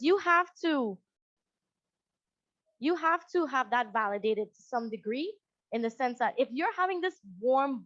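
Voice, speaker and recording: A high-voiced woman with a Guyanese accent, talking to an audience on a video call. She is conversational and animated, slipping into other voices to act out what parents say. The sound is dry and a little dull, as from a call mic. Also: no echo. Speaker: psychologist.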